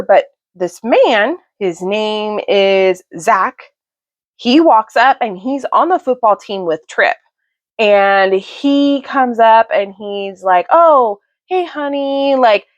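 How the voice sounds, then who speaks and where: A woman's voice: on the high side, dry recording. Chatty mom vlogger in her thirties. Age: 30s. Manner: animated, rambling storyteller who acts out quotes. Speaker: book vlogger and mother. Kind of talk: casual chatty retelling of a book. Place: home, sitting on a couch beside her sleeping son. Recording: dull, dry home recording.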